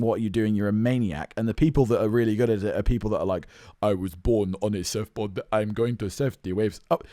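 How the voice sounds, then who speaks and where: An earnest young British man hosts his own podcast, thinking aloud and questioning himself. His voice sits in a middle register and lurches from loud, quick bursts to low, slow mutters. The sound is dry and close, with no room around it. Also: no room sound. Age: 20s. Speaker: podcast host. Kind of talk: reflective solo podcast monologue.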